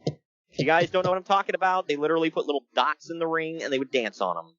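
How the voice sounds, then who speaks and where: On a casual podcast, a male co-host jokes and laughs often while animatedly recapping a wrestling show. His voice is on the high side and quick, and the muffled recording has no room sound.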